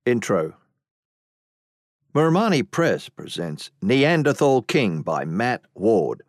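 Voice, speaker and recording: A male narrator reads a fantasy audiobook in a measured, deliberate way. His pace is slow and unhurried, with a mid-range voice. The recording is close and dry. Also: medium pitch, big pitch swings, dry recording. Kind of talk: scripted narration.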